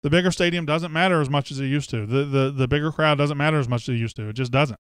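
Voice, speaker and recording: Upbeat, smooth-voiced man hosting a podcast. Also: a little high, fairly even intonation, fast talker, no room sound, clean studio sound. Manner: joking, chatty, reads comments aloud. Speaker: podcast host. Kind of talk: casual sports podcast chat, reading listener comments.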